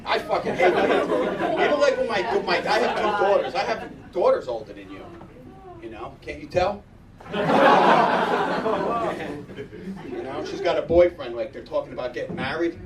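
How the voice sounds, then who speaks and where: A man's voice: on the high side, very animated, a little slow, long pauses. A middle-aged man doing a crude, profane stand-up routine, rambling and asking the crowd if they know what he means. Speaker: stand-up comedian. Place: live comedy venue with audience. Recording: echoey room, distant mic, loud crowd laughter.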